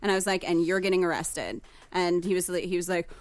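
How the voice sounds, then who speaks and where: A woman, a podcast guest who fights MMA, telling a story in casual chat, profane and animated, acting out the quotes. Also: lowish voice, fast, hardly any pauses, clean tone.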